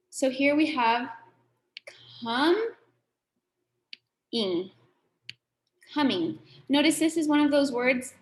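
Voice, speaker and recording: A woman teaching a children's phonics lesson, sounding out words slowly and patiently. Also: high voice, slight background noise.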